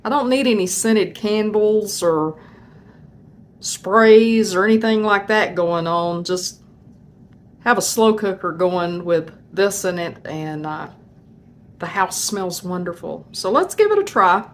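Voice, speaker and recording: Slow-talking homey woman cooking host. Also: medium pitch, animated. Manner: homey, chatty, folksy. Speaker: home cooking channel host. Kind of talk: casual cooking demonstration.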